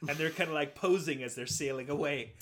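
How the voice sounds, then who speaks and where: A man's voice: fairly high pitch, brisk, a bit bright, a little hiss or hum. A man co-hosting a podcast, recapping a movie in casual chat, joking and laughing often. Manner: jokey, laughs often, acts out lines in silly voices. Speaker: podcast co-host.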